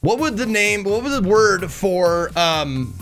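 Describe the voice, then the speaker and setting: A man's voice: high voice, animated, measured pace, fairly bright tone, faint music behind. A man casually chatting on a live stream, reading out viewer messages, swearing and laughing often. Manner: profane, laughing, reads chat aloud. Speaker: game streamer.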